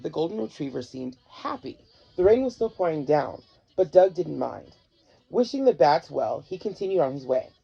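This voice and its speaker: Gravelly, husky storybook reader. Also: medium pitch. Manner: expressive, animated narration. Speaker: host reading storybooks. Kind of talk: storybook read-aloud. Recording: dull lo-fi with faint music.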